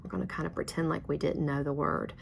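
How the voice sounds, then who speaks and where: A woman's voice: low voice, steady tone, quick pace, creaky, a little hiss or hum. A woman teaching a phonics lesson, guiding learners step by step with patient, encouraging praise.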